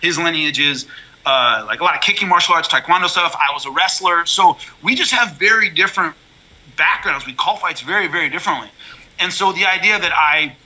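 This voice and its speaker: Fast-talking bright-voiced man. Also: fairly high pitch, rough recording. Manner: blunt, animated storytelling with frequent restarts. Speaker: MMA color commentator, guest. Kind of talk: casual interview chat.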